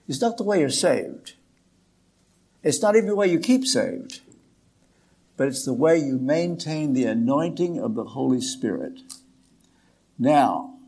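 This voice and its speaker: Slow, dramatic older male preacher. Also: on the high side, darkish tone, slightly rough. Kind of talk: sermon.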